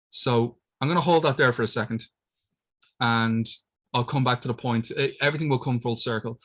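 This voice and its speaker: A man's voice: mid-range voice, steady tone, a bit bright. A man hosting a gaming podcast, retelling a video game plot in casual chat, rambling with fillers. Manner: rambling, quick, with fillers and profanity. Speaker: podcast host.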